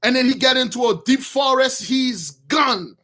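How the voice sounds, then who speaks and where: A man with a very high voice and retells an old story to his viewers. He talks in animated bursts that often rise into shouts, then backs up to restart his sentences. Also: moderate pace. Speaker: religious storyteller.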